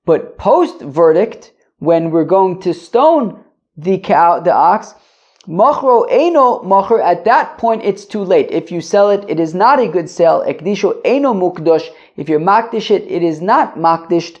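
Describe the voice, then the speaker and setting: A man's voice: sits high, animated, measured pace. A man hosting a podcast who reads Talmud passages aloud and explains them casually in English, often stumbling and repeating words as he searches for his phrasing. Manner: reads Aramaic lines then explains in loose, rambling English. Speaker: Talmud teacher and podcast host. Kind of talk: casual daily Talmud lesson. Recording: dull lo-fi podcast audio.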